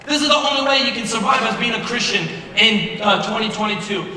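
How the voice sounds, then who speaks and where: A young man, a youth pastor, preaching passionately to high school students, sometimes rising to a shout. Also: brisk, a little hiss or hum. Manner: impassioned, rising to shouts at key points. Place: large echoey school hall. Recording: echoey hall recorded from far off.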